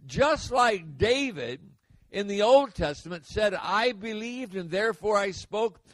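Male preacher, sermon delivery, high voice, unhurried, emphatic repetition. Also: no room sound. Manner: emphatic, repeats key words, builds to forceful peaks.

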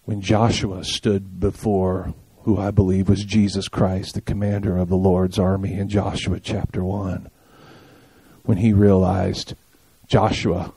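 A man's voice: flat delivery, measured pace, breathy edge, dry recording. Emphatic older male pastor preaching. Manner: emphatic, rhetorical questions and call-and-response checks; swings between loud punchy peaks and quiet low stretches. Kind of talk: sermon.

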